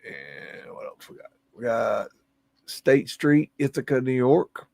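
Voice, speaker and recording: Gravelly man musing over photos. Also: medium pitch, big pitch swings, slow pace, darkish tone, no room sound. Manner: musing, humming to himself, easily amazed. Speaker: livestream host. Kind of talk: casual commentary on photos.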